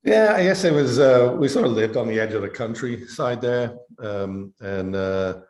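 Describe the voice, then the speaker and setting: A man's voice: mid-range voice, lively intonation, moderate pace, a little mellow. A middle-aged English man, a professor being interviewed, talking casually and rambling with many fillers and restarts. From England. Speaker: interview guest, biochemistry professor. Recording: echoey room.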